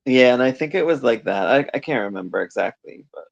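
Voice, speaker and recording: A man with a mid-range voice co-hosts a casual recap podcast, laid-back and hedging, often just agreeing. His voice comes through slightly dull and muffled. He talks in relaxed, loose sentences. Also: medium pitch, a little fast, creaky. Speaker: podcast co-host.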